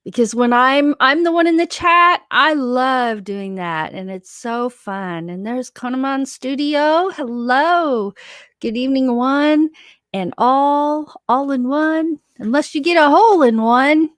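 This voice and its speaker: A woman's voice: high voice, slow, fairly bright tone, no echo, clean studio sound. A woman co-hosting a casual livestream from her home, chatting and reading viewer comments aloud. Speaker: livestream co-host.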